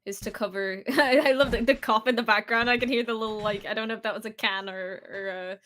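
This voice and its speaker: A woman's voice: on the high side, fairly even intonation, quick pace, fairly bright tone, a little hiss or hum. A young woman, a singer, guesting on a stream and chatting casually with a rambling flow. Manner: rambling with many fillers and restarts. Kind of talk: casual chat.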